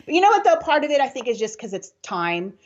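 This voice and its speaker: A woman's voice: high-pitched, big pitch swings, fast. A woman co-hosting a casual video-call chat, playful and teasing with easy laughs. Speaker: co-host. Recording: dull video-call audio.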